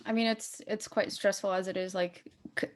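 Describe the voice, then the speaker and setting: A woman's voice: medium pitch, level tone, moderate pace. A woman hosting a casual interview, bubbly and giggly, with lots of "like" fillers. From Canada. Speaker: interview host.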